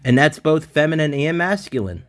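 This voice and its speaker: A man learning a language in an online lesson. He thinks out loud and repeats words as he practices them. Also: a little high, lively intonation, brisk. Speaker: language student.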